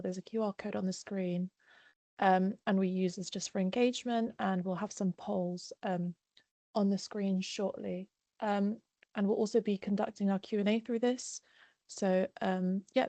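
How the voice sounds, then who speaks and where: Woman hosting an online webinar, warm mellow voice, dry sound, lots of ums. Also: mid-range voice, no room sound. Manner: casual housekeeping delivery with many ums. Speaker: webinar host. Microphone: video call.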